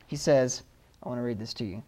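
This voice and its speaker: A man preaching a sermon in an earnest, emotional way, slowing down with heavy pauses for emphasis. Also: mid-range voice, dark tone.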